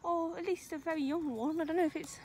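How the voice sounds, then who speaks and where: A woman's voice: extremely high pitch, fairly even intonation, fast, dark tone, slight background noise. A woman vlogging outdoors at a wildlife park, gushing and cooing at the animals in baby talk. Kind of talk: casual vlog commentary.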